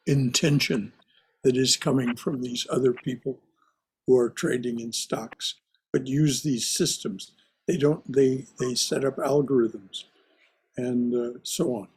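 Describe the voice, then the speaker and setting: A man leading a discussion class, speaking in a slow, thoughtful and hesitant way. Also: medium pitch, darkish tone, husky. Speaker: class teacher.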